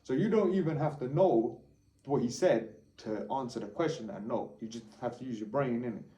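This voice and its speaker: Speaking at normal speed in a mid-range voice with a dark tone, a London-accented travel vlogger chats to camera. He's a bit tired, and he rambles, boasts and swears freely. The room echoes, with a faint hum in the background.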